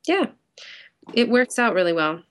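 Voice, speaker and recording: A woman's voice: on the high side, big pitch swings, a little slow. A woman in her thirties or forties, a guest on a podcast, chatting casually over a video call with lots of ums. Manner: hesitant with many ums, laughs often. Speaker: interview guest. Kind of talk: casual interview chat.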